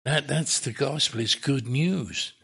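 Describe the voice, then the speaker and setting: Male preacher, sermon, gravelly, husky, slow, emphatic and repetitive. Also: mid-range voice. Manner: emphatic, repeats words, rising with excitement.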